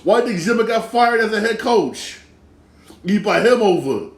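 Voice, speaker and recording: A man's voice: high-pitched, expressive, moderate pace. Rambling man ranting in an echoey room. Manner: rambling, repeats filler words and phrases; trash-talking and mocking rival fans. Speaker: sports talk show host. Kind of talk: casual sports rant.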